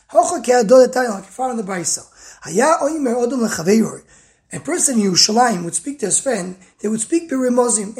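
A woman with a slightly high voice teaches a text study lesson phrase by phrase. She reads a line of the original, then stops to unpack it in plain English. Her delivery comes in short bursts with the odd restart. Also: darkish tone. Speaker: Talmud teacher.

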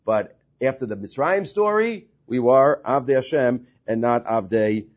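A man's voice: mid-range voice, lively intonation, measured pace. A man teaching a Talmud study class, reading Hebrew and Aramaic text and paraphrasing it with frequent fillers and restarts. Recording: dull lo-fi recording.

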